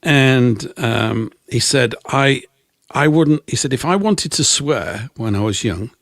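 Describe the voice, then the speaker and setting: Casting: middle-aged Englishman, dry rambling storyteller, lively pitch, close dry sound. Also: slow pace, no echo. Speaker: co-host. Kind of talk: casual chat.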